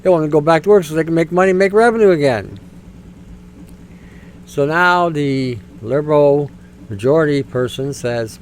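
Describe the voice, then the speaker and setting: A man rants on his podcast in a blunt, scornful, repetitive way. His voice sits fairly high for a man. Faint noise sits behind it. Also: lively intonation, moderate pace, rough recording. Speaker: podcast host. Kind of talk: opinionated commentary rant.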